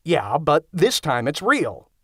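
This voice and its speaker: A man's voice: a little high, wildly swooping pitch, slow, pushed and bright, slightly rough, dry recording, exaggerated voice. A man voicing a nervous, exasperated young vampire, close to his own reading voice.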